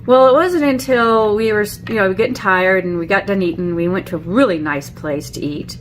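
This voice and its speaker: A woman's voice: medium pitch, normal speed, noisy background. A middle-aged woman vlogger telling a personal story in a chatty way, with many fillers and restarts, acting out the quotes. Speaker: beauty vlogger. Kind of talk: casual storytelling.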